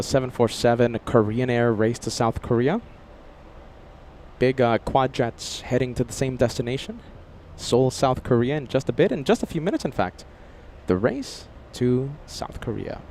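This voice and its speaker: A man hosting a live plane-spotting stream outdoors near a runway, chatty and excitable, rambling as he reads chat aloud. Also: mid-range voice, slight background noise. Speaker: plane-spotting livestream host.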